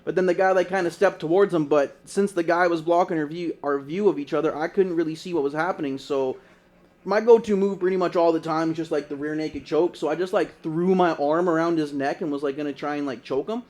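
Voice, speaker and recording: A young man with a somewhat high voice tells a long story on a casual podcast. He rambles, stacking "like" after "like" and swearing freely as he goes. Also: brisk, a little mellow. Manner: rambling, lots of "like" and profanity. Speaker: podcast co-host.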